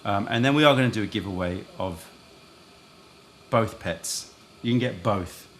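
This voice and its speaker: A man's voice: fairly low pitch, moderate pace, a bit bright. A man hosting a live tea stream, chatting casually and thinking aloud as he rambles between giveaways. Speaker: livestream host selling tea.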